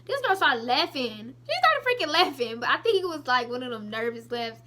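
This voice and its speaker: A young woman vlogger with a high-pitched voice speaks fairly quickly while sharing a personal story with her viewers. Her telling is casual, emotional and animated, full of asides.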